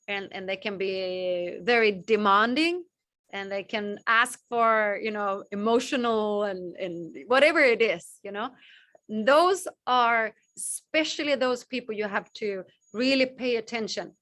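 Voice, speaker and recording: A woman with a Balinese accent teaches spirituality in a loose, rambling way. Her voice sits high and sounds bright and clear. She circles back to the same phrases and acts out little quotes.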